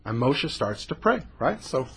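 A man's voice: mid-range voice, sing-song, a little slow, a bit bright, husky. A man teaching a Torah text-study class, explaining animatedly and dropping Hebrew terms into his English.

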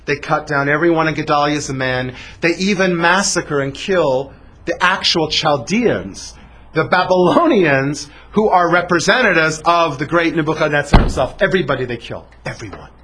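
A man telling a biblical story in a dramatic way, with animated delivery and conversational asides. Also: on the high side, moderate pace, slight background noise. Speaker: storyteller teacher.

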